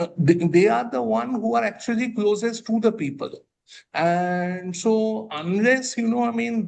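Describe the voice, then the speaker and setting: Panelist: Indian English man, high gravelly voice, hesitant with fillers, faint call noise. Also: darkish tone. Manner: hesitant, many fillers and restarts. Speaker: professor, panelist. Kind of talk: webinar panel discussion.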